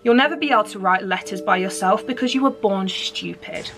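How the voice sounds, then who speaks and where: A woman's voice: mid-range voice, a little fast, over music, close to an everyday voice. A woman voicing a spiteful older sister who sneers and taunts her little brother in a storybook reading. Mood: taunting. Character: spiteful older sister, young girl, mocking.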